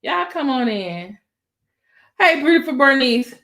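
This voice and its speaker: A YouTube commentator talks casually and directly to her live-stream viewers at a measured pace. Her high voice swings widely and climbs even higher when she gets worked up, and she exclaims often in an excitable tone.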